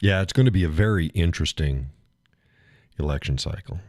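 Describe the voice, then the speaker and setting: Deep folksy man chatting. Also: brisk, darkish tone, dry recording, studio quality. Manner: rambling, chuckling, folksy. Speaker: live stream host. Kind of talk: casual chat with chat viewers.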